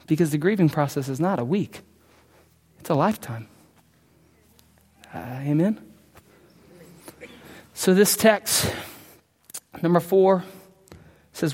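A man with a high voice preaches a sermon, his words trailing into the long reverb of a church hall. He swings from quiet, close moments to loud, emphatic calls. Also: lively intonation, unhurried, long pauses, breathy edge. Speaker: pastor.

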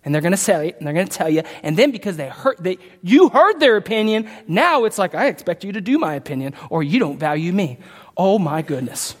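Emphatic high-voiced man preaching. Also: lively intonation, fairly quick. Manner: emphatic, swings from loud exclamations to quiet asides. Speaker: pastor. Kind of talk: sermon. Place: church sanctuary. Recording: long hall reverb.

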